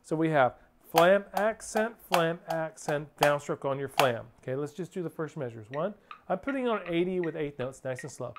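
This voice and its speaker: A drum instructor with a slightly high, animated voice walks through drum rudiments step by step at a moderate pace. He patiently counts the beats and calls out stickings aloud in plain coaching tones, with a clear clicking noise behind him.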